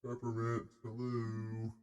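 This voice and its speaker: A man's voice: medium pitch, completely flat delivery, slow pace, darkish tone, big-room sound, lo-fi sound. A man streaming live, chatting casually and sounding distracted as he fiddles with his microphone settings. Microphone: headset.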